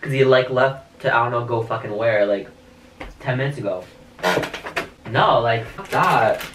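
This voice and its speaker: A man's voice: medium pitch, unhurried. A young man vlogging casually in his bedroom, rambling and swearing with lots of fillers, caught on a hidden camera. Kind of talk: casual vlog talk. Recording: echoey room, far from mic, faint hiss.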